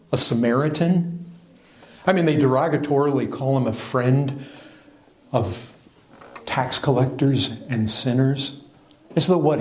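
Animated preaching man in an echoey hall. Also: medium pitch. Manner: emphatic, animated preaching with restarts and rhetorical questions. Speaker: pastor. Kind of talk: sermon.

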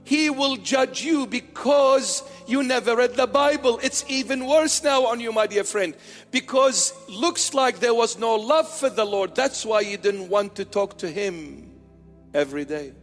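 A middle-aged bishop with a high voice preaches a lighthearted sermon, teasing his congregation and playing out both sides of little conversations. His words ring out in a hall with a long reverb. Soft music sits faintly underneath. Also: a little slow. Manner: playful, teasing preaching with mock dialogues.

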